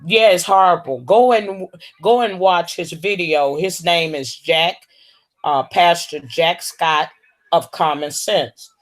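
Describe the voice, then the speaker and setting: A woman hosting a casual livestream, drawling and calling viewers baby and honey. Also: fairly low pitch. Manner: slow, drawling, full of terms of endearment. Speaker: livestream host.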